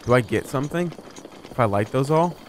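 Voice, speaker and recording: Playing through a game on his channel, this man speaks briskly and animatedly at a medium pitch over a faint hiss or hum. He's fed up, cursing a lot and pleading as he mutters and repeats words quietly to himself.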